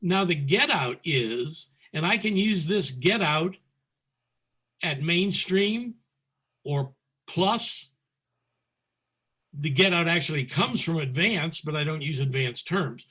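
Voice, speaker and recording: A man presenting a square dance calling lesson over a video call, explaining methodically and calling moves in crisp, clipped commands. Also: on the high side, lively intonation, slow pace, pauses often, sharp tone. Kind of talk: teaching talk, calling demonstration calls.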